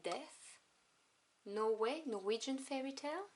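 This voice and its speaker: A woman's voice: high-pitched, measured pace. Chatty woman reviewing tarot cards. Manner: chatty, enthusiastic, drops into soft asides. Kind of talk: casual deck review. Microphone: camera on tripod. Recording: noisy home recording with clicks.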